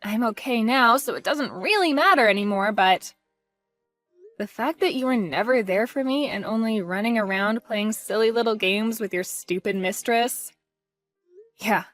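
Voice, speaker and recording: A woman's voice: on the high side, moderate pace, a bit bright, soft background music, close to an everyday voice. A woman voicing a scornful wife who confronts her cheating husband in a cold, mocking, cutting way. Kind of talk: voiced story drama.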